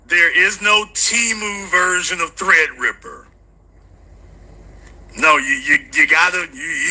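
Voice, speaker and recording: A man hosting a call-in livestream show, chatting casually with loud, teasing, comedic rants. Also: sits high, husky, poor audio. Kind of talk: casual live-stream chat.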